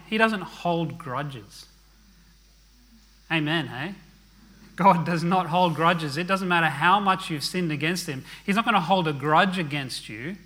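A man's voice: a little high, sharp tone. A man preaching a sermon in an earnest, conversational way, dropping to a murmur at the ends of phrases. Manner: earnest, conversational preaching with frequent "okay?" asides.

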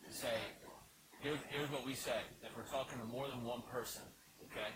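A man's voice: mid-range voice, fairly even intonation, moderate pace. A man with a Philadelphia accent leading a youth Bible study, joking, blunt, and checking in with the group. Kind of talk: casual teaching to a group. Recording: live room with clear background noise.

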